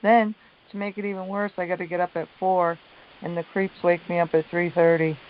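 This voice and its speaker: A woman's voice: lowish voice, little pitch movement, fairly quick, lo-fi sound, a little hiss or hum. Tired, aggrieved woman caller. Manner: aggrieved, venting. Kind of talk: casual group call chat.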